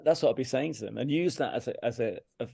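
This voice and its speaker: A middle-aged man from England talking candidly in an interview, earnest and emphatic, often circling back on his words and turning self-critical. His voice has a gravelly edge and a warm, mellow tone. The sound is close and dry. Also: mid-range voice, fast talker, no room sound. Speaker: interview guest, brass teacher. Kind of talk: candid conversational storytelling. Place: farmhouse room.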